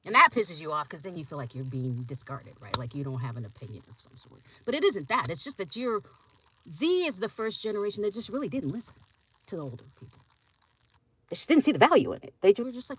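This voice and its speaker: Woman, young adult, podcast host, casual opinion chat, animated, lively pitch. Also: fast, slightly rough, low-quality recording. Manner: animated, acts out voices in quotes.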